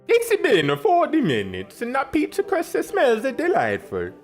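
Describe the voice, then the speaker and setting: Man doing a put-on Italian chef voice, high and loud, exaggerated accent, lively swings. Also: unhurried, faint music behind, exaggerated voice. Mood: delighted. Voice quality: exaggerated sing-song accent. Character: over-the-top Italian pizza chef man, excitable.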